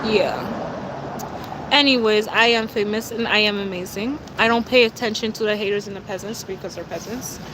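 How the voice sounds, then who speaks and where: A woman influencer talking casually and boastfully on a phone livestream, with sassy remarks and quick laughs. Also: mid-range voice. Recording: clear outdoor traffic noise.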